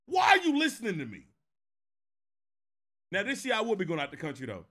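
Reacting to clips on a casual stream, this animated man speaks briskly in a high voice, lurching from quiet mutters into loud bursts of laughter.

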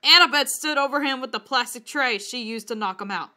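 A woman reading a bad story aloud in a mock-dramatic way, breaking into high laughing shrieks and comments. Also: moderate pace, few pauses, pushed and bright. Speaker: reader of bad fan fiction.

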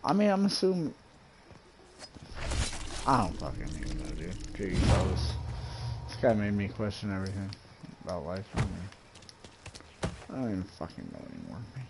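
A man's voice: wildly swooping pitch, normal speed, gravelly, pauses often, very noisy. A man streaming a game, chattering casually, swearing and sounding exasperated. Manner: profane and exasperated, swinging up and down in pitch.

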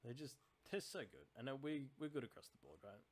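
A man's voice: mid-range voice, lively intonation, a little fast. Chatty man narrating his game. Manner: chatty, analytical, thinking aloud about tactics. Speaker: channel host playing a naval strategy game. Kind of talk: casual let's-play commentary.

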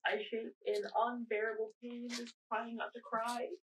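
A young woman acting a shaken narrator in a dramatic monologue, speaking slowly and haltingly with long pauses. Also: fairly high pitch, level tone, natural voice. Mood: haunted. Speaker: narrator recounting her own ordeal. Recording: distant mic with faint noise.

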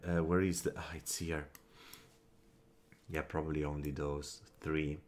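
Man, extremely low voice, casual gameplay commentary, thinks aloud, counts quietly, gets annoyed. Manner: thinks aloud, counts under his breath, quick flashes of annoyance. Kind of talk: casual strategy game commentary.

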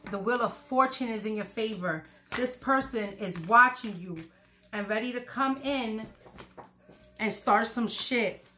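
A woman doing a casual tarot reading, blunt and profane, repeating her points. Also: a little high. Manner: acts out quoted lines loudly. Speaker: tarot reader.

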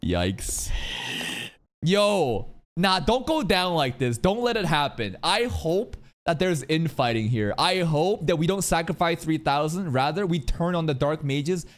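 A man reacting to an anime episode in casual, excitable commentary. He swears freely and jokes at the screen. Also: on the high side, unhurried. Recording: anime audio playing behind him.

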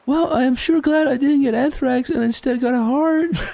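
A man voicing a goofy, mock-cheerful male figure in a squeaky falsetto. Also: moderate pace, creaky, background noise.

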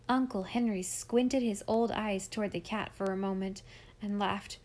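A woman narrating a classic children's novel aloud in a measured, expressive reading. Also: medium pitch. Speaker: audiobook reader. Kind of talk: scripted storybook narration.

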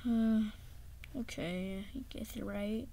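A woman's voice: medium pitch, steady tone, takes it slowly, creaky, dark tone. A woman voicing a meek, jealous clay pony in a home toy play-acting video, hesitant and whiny, sometimes dropping to a scared whisper. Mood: dejected.

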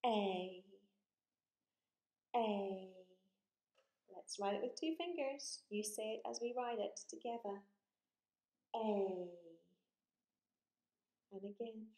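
A woman teaching a phonics lesson to young children, drawing out vowel sounds slowly and praising often. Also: fairly high pitch, a little mellow. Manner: slow, encouraging, exaggerated vowel sounds. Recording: echoey room.

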